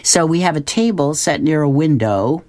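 Very low-voiced woman radio host. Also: expressive, moderate pace, darkish tone. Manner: chatty, amused. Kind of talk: reading comics on air.

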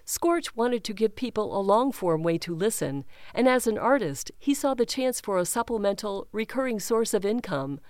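A woman reading a news article aloud in an even, measured way, raising her pitch slightly when she reads quotes. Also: no echo, studio quality. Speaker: news reader.

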